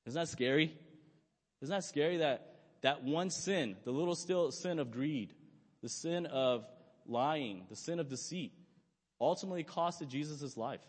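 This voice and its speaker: A young male pastor preaches in a loose, conversational way, asking his listeners questions as he talks. His voice sits a little higher than most men's. A long reverb hangs behind him, as in a church hall. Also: unhurried. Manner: conversational, asks the audience questions. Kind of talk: sermon.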